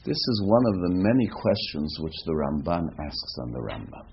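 A man teaching a lively Torah class as a rabbi, asking rhetorical questions and mixing in Hebrew terms. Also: extremely low pitch, moderate pace, creaky. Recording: dull lo-fi recording with faint noise.

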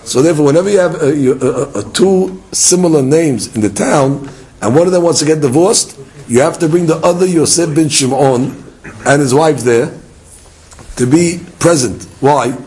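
Lively man teaching a Talmud lesson. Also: a little high, moderate pace, slightly rough, poor audio. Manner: lively, acts out dialogue and fires rhetorical questions.

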